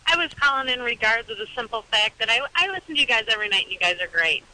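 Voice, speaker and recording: A woman in her twenties calling in to a radio show, talking haltingly about her life. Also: fairly high pitch, lively intonation, pushed and bright, poor audio. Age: 20s. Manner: halting, hesitant. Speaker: caller. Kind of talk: phone-in radio call.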